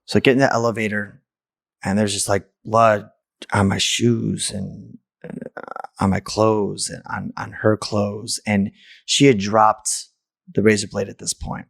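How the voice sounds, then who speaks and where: A man hosting a podcast tells a personal story, blunt and candid, swearing casually. His voice sits low with a gravelly edge. The sound is dry and close, with no room around it. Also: little pitch movement, measured pace, dry recording. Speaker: podcast host.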